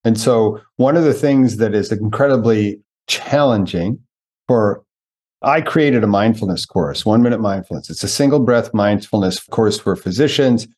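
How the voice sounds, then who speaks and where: Animated man telling stories, husky voice. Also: lowish voice. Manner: animated storyteller, slows down for emphasis. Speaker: podcast host. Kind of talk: conversational interview.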